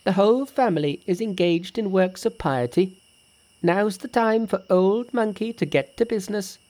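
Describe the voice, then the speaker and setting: A boastful, clever male monkey sage from a storybook, brisk and bossy with a teasing edge, as a woman reads him in an audiobook. He gives orders in a mid-range voice, quick to mock and quick to command. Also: mid-range voice, warm tone, lightly acted. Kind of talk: audiobook reading.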